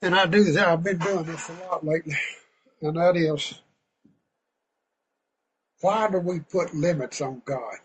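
Male preacher, high voice, folksy and fervent, bursts loud. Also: measured pace, long pauses, dull audio, slight background noise. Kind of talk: sermon.

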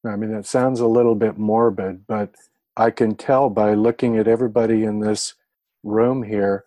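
A man leading a Bible study in a room with a group, teaching in a thoughtful, halting way. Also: fairly low pitch, steady tone, warm tone, dry recording.

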